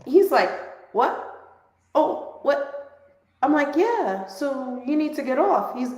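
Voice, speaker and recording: An animated woman co-hosting a chatty podcast, acting out the voices in her stories. Her pitch swings widely and she talks at an unhurried pace. The room around her sounds echoey. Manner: animated storyteller acting out dialogue. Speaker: podcast co-host. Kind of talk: casual chat.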